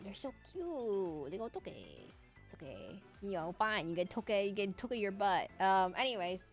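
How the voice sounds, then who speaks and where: A young woman streaming while she draws, chatting casually in a rambling, giggly way that hops between tangents. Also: mid-range voice. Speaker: streamer drawing live. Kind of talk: casual chat while drawing.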